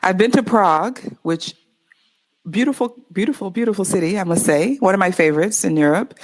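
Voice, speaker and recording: A woman from Los Angeles with a Californian accent, an English tutor answering interview questions in an upbeat, expressive way with clear enunciation. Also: medium pitch, brisk. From Los Angeles, USA.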